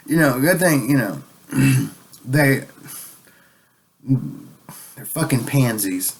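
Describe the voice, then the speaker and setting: A man's voice: mid-range voice, animated, measured pace. Rambling, cussing man ranting. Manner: rambling, swearing, sarcastic. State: a bit tipsy. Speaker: vlogger. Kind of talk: profane political rant.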